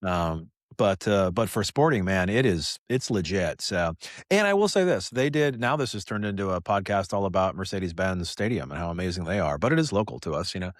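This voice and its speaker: A man's voice: low-pitched, expressive, a little fast, no room sound, studio quality. Rambling American man, casual podcast co-host. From United States. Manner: rambling, repeats phrases, says "you know" and "dude". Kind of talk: casual chat.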